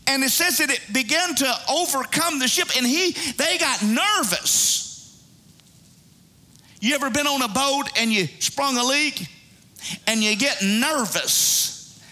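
A man's voice: extremely high pitch, pushed and bright. A man preaching a sermon in a conversational way, calling out to the congregation. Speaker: pastor.

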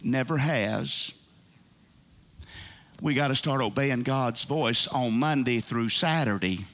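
A man's voice: mid-range voice, takes it slowly, fairly bright tone. A pastor, preaching a folksy, exhorting sermon to his congregation in a church.

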